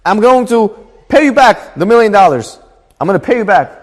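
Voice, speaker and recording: A man voicing a desperate, broke man who pleads and grows excited as the story goes on. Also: a little high, quick pace, long reverb tail, lightly acted. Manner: pleading, rising to excited near-shouting.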